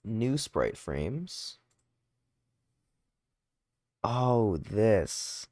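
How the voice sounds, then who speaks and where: A man streams his game development, talking casually as he works and answers questions from viewers. His voice sits low and he sounds a bit tired. The sound is dry and close, with no room echo. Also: very animated, extremely slow, a little mellow. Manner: chatty, answers viewer questions while working. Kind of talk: casual livestream chat and coding explanation.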